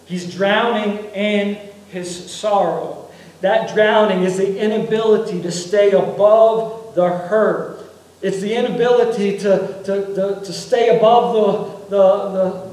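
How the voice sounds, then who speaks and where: A high-pitched male pastor preaches an earnest sermon at an unhurried pace, circling back and repeating his phrases. His voice rings through a very echoey church sanctuary, picked up from some distance away. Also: a little mellow. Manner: earnest preaching with frequent repetitions and restarts.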